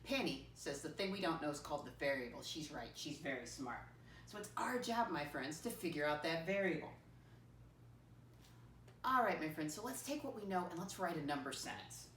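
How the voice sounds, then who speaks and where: A woman's voice: low-pitched, animated, a bit bright, recorded from a distance, a little hiss or hum. Teacher, female: patient first-grade math lesson, call-and-response style, recorded from afar in an echoey room. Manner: patient call-and-response teaching, slowly spelling out words letter by letter; keeps addressing children as "my friends". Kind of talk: classroom math lesson for young children.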